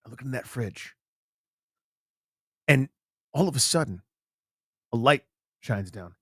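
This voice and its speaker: Playful, animated male radio host. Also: mid-range voice, takes it slowly, husky, no echo, studio quality. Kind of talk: casual radio banter.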